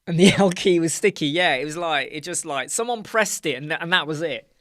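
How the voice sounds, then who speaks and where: A man hosting a live question-and-answer stream in casual chat, rambling and jokey as he tells stories from a dark soundproofed room. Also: a little high, fairly quick, no echo, clean studio sound. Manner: rambling, jokey, animated storytelling. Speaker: host of a live web-design Q&A.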